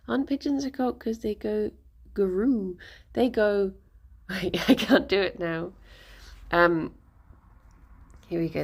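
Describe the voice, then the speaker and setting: A woman's voice: a little high, a little slow, gravelly, a little mellow, husky. A young British woman chatting casually on a livestream from home, giggly and playful, cooing to her pet rabbits. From United Kingdom. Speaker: streamer. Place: home, indoors.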